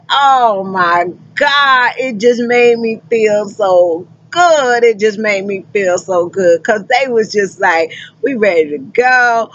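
Woman, truck driver vlog, effusive, folksy, middle pitch, slightly muffled lo-fi recording. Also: fairly bright tone. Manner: effusive and folksy, keeps calling listeners honey and child. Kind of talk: casual vlog talk to viewers.

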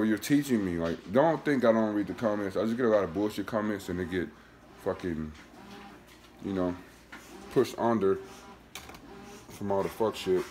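A man with a lowish voice chats loosely with his viewers in casual, profane street talk, breaking off to talk to his dogs. The recording is noisy, with dogs moving and barking around him. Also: darkish tone. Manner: talks to his dogs between remarks to viewers. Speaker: dog breeder vlogger. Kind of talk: casual vlog chat.

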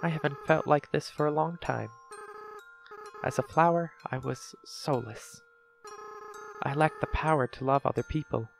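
A man reading the lines of a remorseful young goat-monster boy prince from a game, slowly and apologetically. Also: on the high side, creaky, soft background music. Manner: slow, tearful, apologetic reading. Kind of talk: reading game dialogue aloud.

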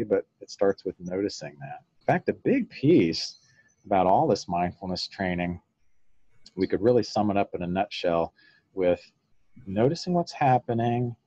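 A man with a deep voice appears as a psychologist guest in an interview, explaining ideas through stories. He's a relaxed storyteller who acts out quotes and chuckles often, heard in a dry, muffled recording.

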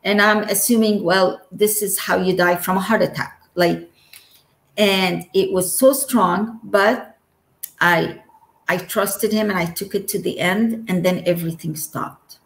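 Speaking with a mid-range, creaky voice and fairly even intonation, a guest describes nearly dying. The earnest, slow personal testimony, recorded in an echoey room, includes her acting out what was said to her.

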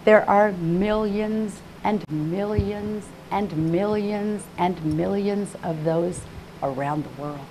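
An older woman preaching an emotional personal testimony sermon, fervent and repetitive, swinging from hushed tones to crying out. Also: medium pitch, slow pace, a little hiss or hum. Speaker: conference speaker.

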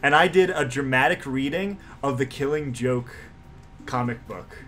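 A man's voice: medium pitch, moderate pace, pushed and bright. A young man co-hosting a let's play, telling rambling stories and laughing often. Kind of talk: casual gaming commentary.

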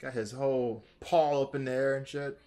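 A man's voice: mid-range voice, steady tone, normal speed, dark tone. A young man hosting a reaction video, chatting casually, laughing easily and swearing now and then.

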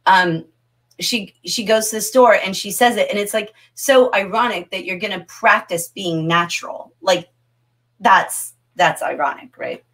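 A middle-aged woman teaching a livestreamed literature class, chatty and animated, reading viewers' comments aloud as she goes. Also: mid-range voice, unhurried.

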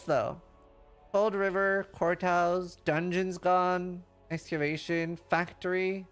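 A man streaming live, reading game patch notes aloud quickly and breaking into loud, excited reactions. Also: high-pitched, smooth, faint music behind. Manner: reads lines quickly, then reacts with loud excited outbursts.

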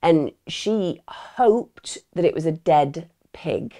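A woman's voice: low-pitched, lively intonation, slow, warm tone. A woman hosting true crime commentary, blunt, opinionated and conversational. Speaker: true crime channel host.

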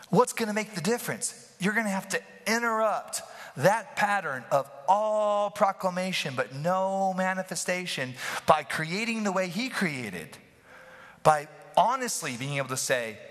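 A man preaching a lively sermon, playful and animated, who often asks the congregation questions. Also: high voice, measured pace. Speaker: pastor. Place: church hall. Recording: live in a reverberant hall.

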